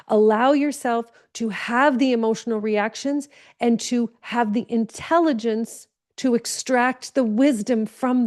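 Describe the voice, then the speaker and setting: An earnest woman speaks as a spiritual teacher, leaning on repeated phrases to drive her points home. Her voice sits a little high, with a mellow, warm tone. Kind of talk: spoken teaching talk.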